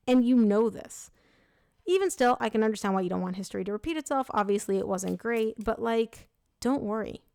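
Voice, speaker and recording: A young woman giving a casual tarot reading, talking frankly and loosely with lots of "like" and quick self-corrections. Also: fairly high pitch, darkish tone, smooth, no room sound, studio quality. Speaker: tarot reader.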